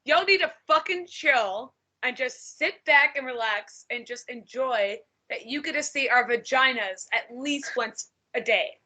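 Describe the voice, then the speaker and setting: A woman's voice: high voice, measured pace, few pauses, sharp tone. A woman hosting a casual podcast chat, blunt and freely swearing. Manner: blunt and profane. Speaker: podcast host.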